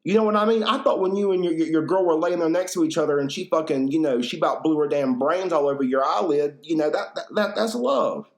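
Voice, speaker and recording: A man's voice: fairly high pitch, fast, hardly any pauses, a little mellow. A young adult man hosting a solo podcast, telling stories in a rambling, profane way with laughs. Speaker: podcast host. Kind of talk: casual solo podcast chat.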